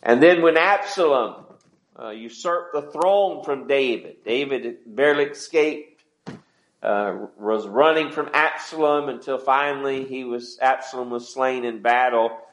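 In an echoey church sanctuary, a pastor of medium pitch preaches a little slowly, speaking conversationally and asking the congregation questions.

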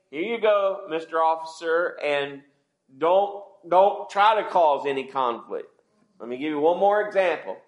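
Conversational preacher in an echoey church. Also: male voice, on the high side. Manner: conversational preaching, asks the congregation questions. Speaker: pastor. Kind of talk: sermon. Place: church sanctuary.

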